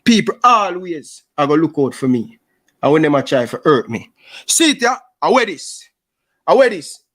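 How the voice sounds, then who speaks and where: This Jamaican-accented YouTube host is venting again, aggrieved and heated, dropping "brother" constantly into casual chat. He speaks at a moderate pace in a fairly high, very animated voice with a fairly bright tone, and there's no room sound at all.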